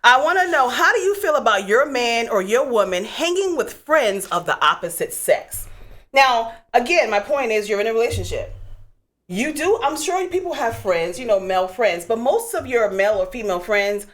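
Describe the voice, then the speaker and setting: Animated, lively-voiced woman radio host. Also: a little high, moderate pace. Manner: animated and outspoken, lots of fillers. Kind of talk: call-in talk radio chat.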